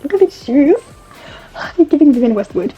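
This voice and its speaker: A woman's voice: sits high, expressive, moderate pace, muffled recording. A young woman chatting casually as a fashion vlogger, rambling and correcting herself as she goes. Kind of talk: casual chat. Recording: faint background music.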